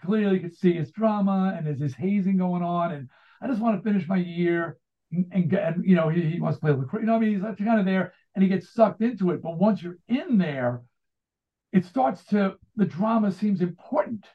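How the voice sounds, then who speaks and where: A man's voice: high voice, fairly quick. Rambling American man on a tinny line. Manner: rambling, full of restarts and asides. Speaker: author and rock singer guest. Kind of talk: casual interview talk.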